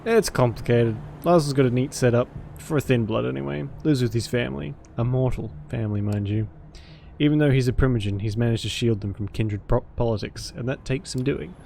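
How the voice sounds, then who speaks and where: A man's voice: mid-range voice, fairly quick, creaky, dark tone, slight background noise, lightly acted. A man voicing a cynical, streetwise male vampire detective with a gritty, hard-boiled drawl. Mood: gruff. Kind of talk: visual novel voice acting.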